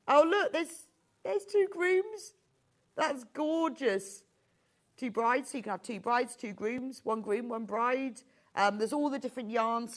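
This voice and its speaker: Chatty woman presenting craft kits. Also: on the low side. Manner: chatty and enthusiastic, gushing over products. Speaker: shopping channel presenter. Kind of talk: live sales presentation.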